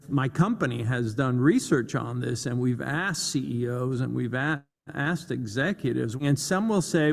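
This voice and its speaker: A man giving a motivational talk about confident communication, speaking deliberately and acting out example voices. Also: medium pitch, gravelly, in a large hall.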